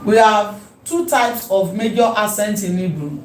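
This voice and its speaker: A woman teaching a language lesson, repeating key terms slowly and emphatically. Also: medium pitch, darkish tone, slight background noise. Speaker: Hebrew teacher. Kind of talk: classroom lecture. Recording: echoey room with faint ambience.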